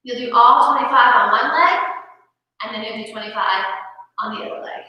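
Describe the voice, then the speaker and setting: A woman's voice: on the high side, brisk, dull audio. A woman fitness instructor leading a guided workout, cueing moves and counting out reps in an upbeat way. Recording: echoey room from far off.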